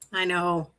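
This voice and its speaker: A middle-aged Canadian woman hosts a tarot livestream, chatting casually while reading cards at a relaxed, slow pace. Her lowish voice is bright and clear, and she moves easily between the cards and viewers' comments, laughing often.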